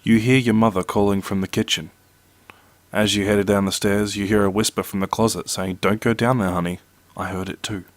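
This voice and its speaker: Low-voiced man reading scary stories. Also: flat delivery, fairly quick, dry recording. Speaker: narrator.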